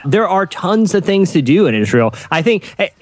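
A man filling in as podcast host, chatting casually and reading a sponsor spot with halting fillers and self-deprecating humor. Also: high voice, big pitch swings, no room sound. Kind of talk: casual chat and ad read.

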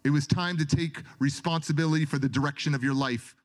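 A man giving a dramatic, emotional motivational talk, telling a personal story with big swings from loud to soft. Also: on the high side, fairly even intonation, fast talker. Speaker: motivational speaker.

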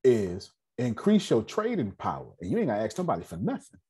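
A man holding forth at a business meeting, spinning motivational stories in relaxed slang. His voice is husky, and his pitch swoops up and down as he builds to each point, stumbling and repeating words on the way. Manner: repeats words, streetwise slang, dramatic pauses. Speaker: speaker leading a business meeting. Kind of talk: animated motivational storytelling.

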